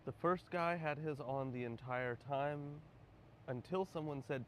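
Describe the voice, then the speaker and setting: Man, frustrated questioning commentary, quiet delivery, faint hiss. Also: mid-range voice, unhurried. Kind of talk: opinion commentary.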